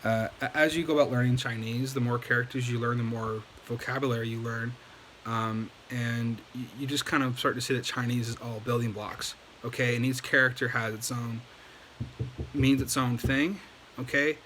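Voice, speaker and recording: A man's voice: medium pitch, steady tone, moderate pace, a bit bright, slight background noise, rough recording. A man giving a casual language lesson at home at night, patiently explaining and checking in with okay after each point. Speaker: Chinese language teacher.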